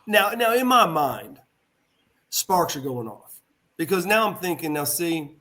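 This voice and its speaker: A middle-aged man telling stories as a podcast guest, his voice sitting a little higher than most men's. He rambles warmly through anecdotes, stumbling and restarting, then leans into the retold dialogue with animated energy. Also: measured pace. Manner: animated, heartfelt delivery. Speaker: guest, former pro wrestler. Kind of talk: casual storytelling in a podcast interview.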